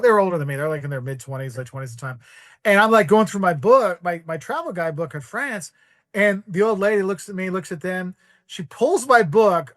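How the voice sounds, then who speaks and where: A man, a podcast guest, telling casual travel anecdotes in an animated way, acting out the voices of the people in them and using "like" a lot. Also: high-pitched. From United States. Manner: animated, acts out quoted voices, heavy use of "like".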